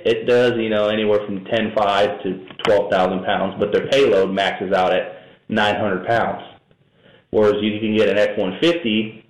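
A man talking casually and knowledgeably as an interview guest, in a loose, rambling, matter-of-fact way. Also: on the low side. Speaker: truck and camper towing expert guest. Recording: echoey room, faint noise.

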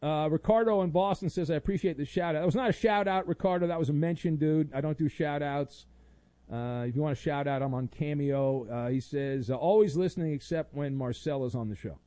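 A man's voice: a little high, a little fast, mellow, no echo. A middle-aged man hosting a sports talk radio show, talking in a wry, rambling way with sarcastic asides.

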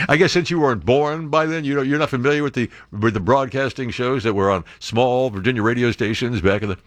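An older man hosting a radio talk show, rambling and joking with asides and quick impressions. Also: medium pitch, dry recording. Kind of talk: casual talk radio banter. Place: radio studio.

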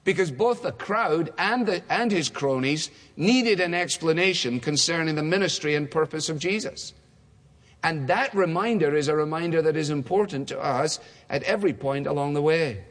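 A man's voice: a little high, normal speed, fairly bright tone. A man preaching a conversational sermon, now and then acting out the voices of people in the story. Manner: conversational, acts out dialogue voices. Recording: long hall reverb.

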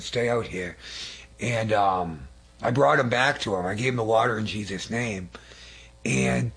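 Man, husky voice, earnest rambling testimony, church talk, young adult. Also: mid-range voice. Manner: earnest, rambling, with many fillers and restarts. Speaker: lay preacher giving testimony. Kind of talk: testimony sermon.

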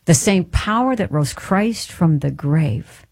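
Earnest woman with a low, husky voice. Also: animated, slow pace, darkish tone, no echo. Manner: earnest, addresses listeners directly; personal storytelling. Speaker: Christian speaker. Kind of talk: devotional teaching.

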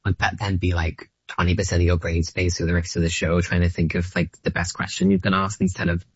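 An Australian man in his late thirties, speaking low and unhurried. He rambles and hedges, putting himself down with a lot of likes and ums. The recording is dry and dull, like a lo-fi studio mic. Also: level tone, slightly rough, dry recording. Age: late 30s. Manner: rambling, self-deprecating, hesitant with many likes. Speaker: comedian guest. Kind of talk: casual interview chat.

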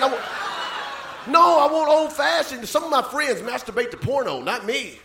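A young man doing stand-up, his high voice edged with gravel as he punches lines and breaks into shouts. The club sounds roomy, with loud audience noise around him. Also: animated, moderate pace, a crowd in the background. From Southern United States. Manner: punchy, repeats "you know what I'm saying", bursts into shouts. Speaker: stand-up comedian. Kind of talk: stand-up comedy.

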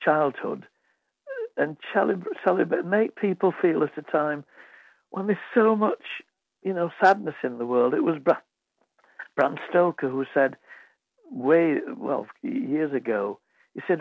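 A man's voice: fairly high pitch, measured pace, vocal fry, pauses often, dry recording. A man telling funny anecdotes as a radio guest, acting out the voices of children and teachers. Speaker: author guest. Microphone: phone line. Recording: tinny phone line, dry.

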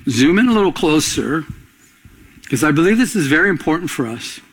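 A middle-aged man preaches with a husky edge to his voice. His pitch sits fairly high for a man. He keeps asking the listeners questions and answering them, building up to emphatic peaks. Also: sing-song, a little fast, rough recording. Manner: call-and-response preaching, rising to emphatic peaks. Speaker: pastor. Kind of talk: sermon.

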